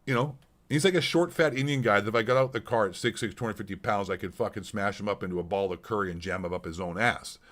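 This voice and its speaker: Streaming from Canada, a middle-aged man rants casually and profanely, heated and blunt, with constant swearing and repeated lines. He speaks fast in a lowish voice that has a fairly bright tone.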